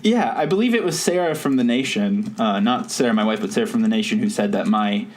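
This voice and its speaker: A man's voice: medium pitch, animated, fairly quick. A man hosting a podcast in casual chat, rambling and laughing at his own stories. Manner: rambling, self-amused, laughs often. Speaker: podcast host.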